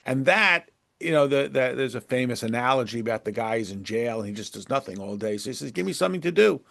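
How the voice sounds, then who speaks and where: A man's voice: mid-range voice, brisk. A man teaching a Torah class in a casual, digressive way, slipping Hebrew terms in and translating them, and acting out little dialogues. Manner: chatty and digressive, with frequent restarts and asides; lively, acts out little dialogues. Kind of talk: conversational lesson.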